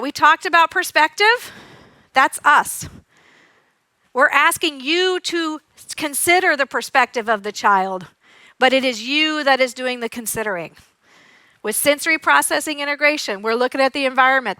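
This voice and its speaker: High, bright-voiced energetic woman teacher. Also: no echo. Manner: energetic and demonstrative, acting out sounds and voices; giggles often while teaching. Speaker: occupational therapist giving a conference talk. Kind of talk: live conference presentation.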